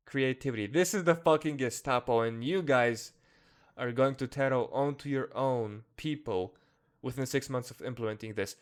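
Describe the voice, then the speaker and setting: A man's voice: mid-range voice, normal speed. A man giving an angry commentary rant as an online reviewer, heated and profane with bitter laughs.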